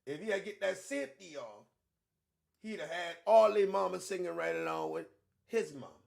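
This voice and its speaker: A man with a somewhat high, gravelly voice hosts a casual livestream. He talks emphatically and profanely and circles back to repeat his points. He drops to low mutters, then rises to loud outbursts. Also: animated, moderate pace. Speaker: online show host.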